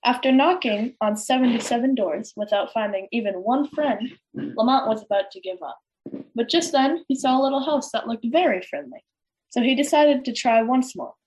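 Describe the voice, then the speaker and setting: A woman reading a children's story aloud, gentle and expressive, with small stumbles. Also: fairly high pitch, normal speed, slight background noise. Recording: dull lo-fi recording.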